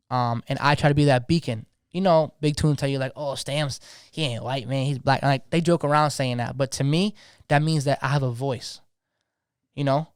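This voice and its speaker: A man's voice: medium pitch, a little mellow, clear, resonant tone, dry recording, studio quality. A young man, talking passionately in a slangy, casual podcast conversation, often repeating words as he gets going. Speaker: DJ guest.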